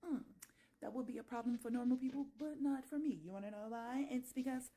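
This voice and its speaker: A woman's voice: fairly high pitch, a little fast, mellow. A woman vlogger delivering an exasperated, profane, dramatic rant to camera from her home kitchen.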